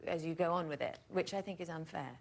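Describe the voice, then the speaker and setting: An actress, a guest on a late-night talk show, witty, giggly and playfully cheeky. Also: female voice, low voice, quick pace, vocal fry. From Britain. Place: TV studio with audience.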